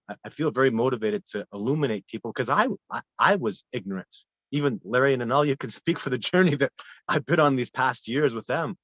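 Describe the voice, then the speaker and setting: A man who guides wilderness expeditions, telling earnest, animated stories in a casual interview with frequent restarts. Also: on the low side, dry recording. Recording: dull, lo-fi dry sound.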